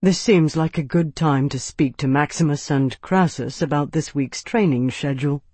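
A man's voice: a little high, a little mellow, breathy edge, no room sound. The narrator doing a flustered young man. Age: young adult. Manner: halting, rambling, with fillers.

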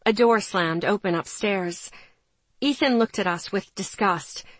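A woman's voice: medium pitch, a little slow, dry recording. A woman narrating an audiobook in the first person, in a tense, subdued way on a close studio mic.

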